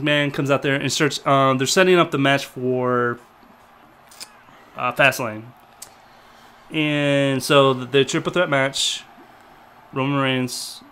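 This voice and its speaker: A man talking casually as a co-host, retelling a show in a loose, rambling way. He hesitates often, with fillers and self-corrections, at an ordinary middle pitch. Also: fairly bright tone. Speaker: podcast co-host. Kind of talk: casual review chat.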